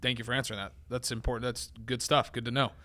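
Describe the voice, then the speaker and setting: A man's voice: medium pitch, flat delivery, fast, sharp tone. A man co-hosting a casual podcast, asking questions in an easygoing, agreeable way. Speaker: podcast co-host.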